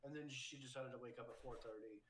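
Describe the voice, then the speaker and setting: A man in his thirties co-hosting a podcast, telling stories in an animated, casual way. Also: mid-range voice, fast talker. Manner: storytelling, animated. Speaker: podcast co-host. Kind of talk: casual chat. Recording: echoey room.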